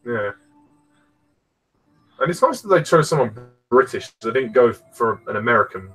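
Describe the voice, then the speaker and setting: Male fan commentator, husky, easygoing and hesitant. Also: mid-range voice, lively intonation, moderate pace, fairly bright tone, low-quality recording. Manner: easygoing, hesitant, lots of fillers. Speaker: film commentator. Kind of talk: casual film commentary.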